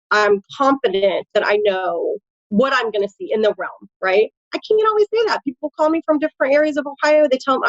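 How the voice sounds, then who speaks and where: The recording is dry and muffled, carrying a slightly high female voice with a Midwestern American accent. She's a tattoo artist and nurse giving a casual interview, chatty and animated, with frequent fillers.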